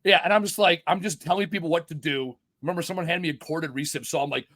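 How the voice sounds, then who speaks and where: A middle-aged man talks fast and swears freely, hosting a casual podcast with rambling stories. His voice sits a bit high for a man. The sound is dry and close, with no room in it. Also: bright, forceful tone, no room sound. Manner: profane, rambling storyteller. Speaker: podcast host.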